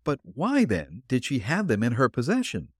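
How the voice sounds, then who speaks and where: A man's voice: mid-range voice, wildly swooping pitch, moderate pace, slightly rough, dry recording, studio quality, voice pushed up. A man reading the part of an eager young male detective assistant who keeps questioning and reacting with surprise.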